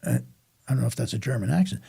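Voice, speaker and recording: A man's voice: medium pitch, big pitch swings, very fast, vocal fry, warm tone, slightly rough. An older man from Staten Island, New York, telling a rambling story about his childhood in casual chat, often stopping and restarting. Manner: rambling, self-interrupting storyteller. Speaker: podcast guest telling a life story.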